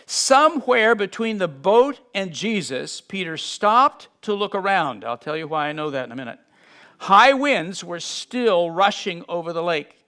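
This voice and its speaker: A fairly high-voiced, middle-aged man teaching from the Bible. He reads a passage, then breaks off into lively asides, swinging between soft and loud as he acts out the story. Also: measured pace, clear, resonant tone. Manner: animated, acts out scenes with sudden shifts in loudness.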